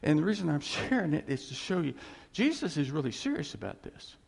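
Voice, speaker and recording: A man preaching a sermon as pastor, earnest and repeating his key phrases, swinging from loud to quiet. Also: a little high, big pitch swings, brisk, creaky, breathy edge. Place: church sanctuary. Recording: church hall reverb.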